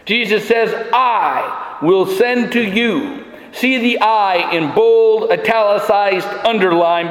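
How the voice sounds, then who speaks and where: A male pastor preaching a sermon emphatically, building his points through repeated phrases. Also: high-pitched. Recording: echoey hall.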